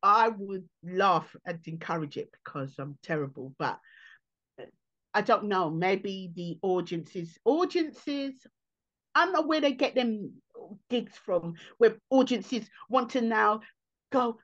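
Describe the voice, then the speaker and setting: A woman comedian, answering interview questions in an animated way and acting out other people's voices. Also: medium pitch, measured pace, muffled recording.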